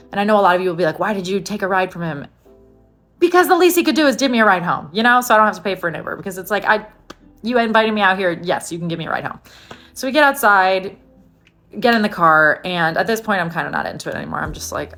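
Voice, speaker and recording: A woman's voice: mid-range voice, lively intonation, fairly quick, a bit bright, faint music behind. Chatty young woman telling a dating story. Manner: chatty, lots of "like" and quoted dialogue. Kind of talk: casual storytime.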